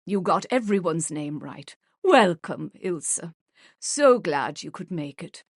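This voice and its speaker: A woman's voice: lowish voice, lively intonation, slow, husky, dry recording, studio quality, exaggerated voice. A woman playing a gracious elderly grandmother. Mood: welcoming. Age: older. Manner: warm, effusive hostess speech.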